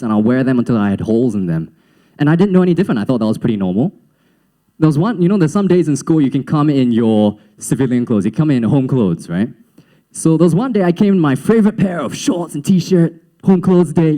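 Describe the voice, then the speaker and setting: A young man from Singapore with a slight Western-sounding accent, telling his life story on stage to a young audience and acting out quotes as he goes. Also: mid-range voice. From Singapore, raised in Southeast Asia. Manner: animated storytelling, acts out quotes, laughs often. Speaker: youth event speaker.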